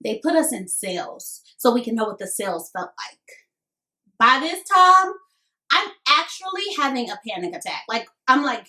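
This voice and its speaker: A woman in her twenties telling a casual storytime vlog, chatty and animated, talking straight to viewers. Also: a little high, normal speed. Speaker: vlogger. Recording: echoey room.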